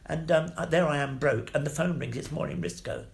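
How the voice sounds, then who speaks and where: An older man, an actor being interviewed, telling anecdotes in a lively, salty way and acting out the voices of the people in his stories. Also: fairly high pitch, fairly quick, vocal fry. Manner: animated, salty, acts out quoted voices. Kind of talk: anecdotal storytelling.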